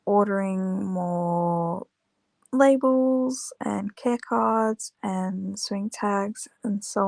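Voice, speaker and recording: A woman's voice: medium pitch, gravelly, a little mellow, no echo. A tired woman vlogging casually about her candle business, rambling with lots of fillers. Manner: rambling, many fillers, unhurried. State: tired, yawning. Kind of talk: casual chat to camera.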